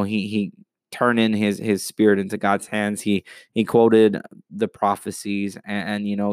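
Man, podcast preacher, enthusiastic, casual, smooth clear voice, dry close sound. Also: fairly low pitch, no echo. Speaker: podcast host.

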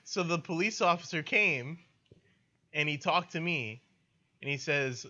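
A young man casually telling a funny story, laughing through it and delivering the punchlines deadpan. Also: fairly high pitch, measured pace, pauses often, muffled recording.

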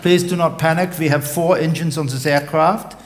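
Brief: courteous, formal airline captain over the speaker, pitched up and loud, as a man puts him on. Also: steady tone, normal speed, natural voice. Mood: formal, reassuring. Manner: polite announcing tone, stiffly formal.

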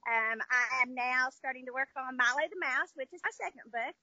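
A woman's voice: sits high, a little fast, pushed and bright, dry recording, lo-fi sound. A woman with a Southern American twang, a children's book author chatting upbeat in an interview, with many fillers. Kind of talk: casual interview chat.

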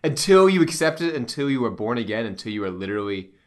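A man co-hosting a casual talk show about a film and faith. He talks in an animated way, with many restarts and laughs between thoughts. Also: medium pitch, fast talker. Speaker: podcast co-host.

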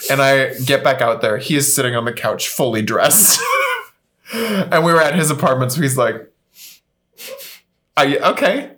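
A young man, a podcast guest, telling a long comic story in casual chat, animated and often laughing. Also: medium pitch, normal speed, pauses often. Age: young adult.

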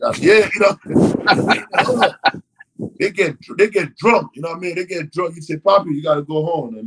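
A man's voice: a little high, fairly quick, a little hiss or hum, poor audio. A man telling a long story in casual conversation, acting out the people in it and often asking "you know what I mean". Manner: animated, acts out quotes, frequent "you know what I mean". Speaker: guest.

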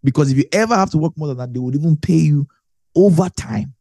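Male Bible teacher, mellow tone, dry sound, talks it through with everyday examples. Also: a little high, quick pace, no room sound. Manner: explains with everyday examples, repeats phrases for emphasis.

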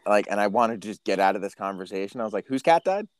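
A man in his thirties hosting a podcast, telling stories in a casual, animated way, swearing and acting out what people said. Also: fairly low pitch, very fast, dry recording. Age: 30s. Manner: animated storyteller, swears, acts out quotes. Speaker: podcast host. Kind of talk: casual chat.

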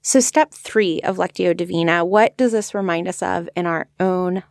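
A woman hosting a podcast, talking in a relaxed, reflective, conversational way and often stopping to think aloud. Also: lowish voice, moderate pace, gravelly, dry recording, studio quality. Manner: thoughtful, conversational, frequent "like" fillers. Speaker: podcast host. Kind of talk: casual reflective discussion.

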